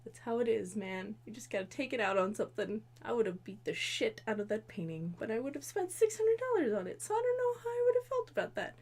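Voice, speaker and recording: A woman's voice: a little high, sing-song, quick pace, few pauses, darkish tone. A woman in her twenties giving a rambling, profane, exasperated comedic recap of a movie. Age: 20s. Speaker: comedy video host.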